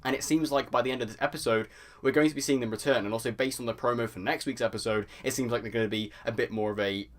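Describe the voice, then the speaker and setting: A man rattles quickly through his review of a TV episode, chatty and enthusiastic. His voice sits at an ordinary pitch and he piles on praise as he goes. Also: steady tone. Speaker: TV review vlogger.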